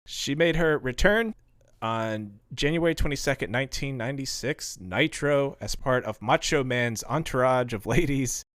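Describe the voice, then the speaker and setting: Smooth-voiced man recapping history. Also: medium pitch, fairly bright tone, no echo, studio quality. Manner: laughs often, reads off dates and match details. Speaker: podcast co-host. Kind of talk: casual podcast chat recounting history.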